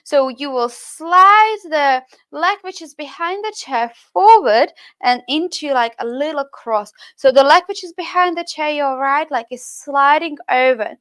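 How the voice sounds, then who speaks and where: High-voiced woman leading a dance class. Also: a little slow, few pauses, a bit bright. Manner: encouraging, counts beats aloud with sing-song emphasis. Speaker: dance fitness instructor. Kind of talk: counting and cueing a chair dance class.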